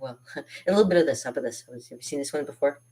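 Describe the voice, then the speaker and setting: A woman, a party artist, chatting casually on a live stream from her studio, rambling and laughing between phrases, with sudden jumps up in pitch when she gets excited. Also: racing.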